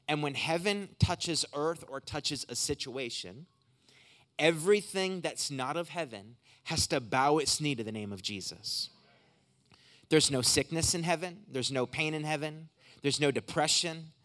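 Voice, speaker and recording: A man preaching as a guest speaker in a church service. He moves from emphatic, rising preaching into quiet, intense prayer for healing. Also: mid-range voice. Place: hotel conference room church.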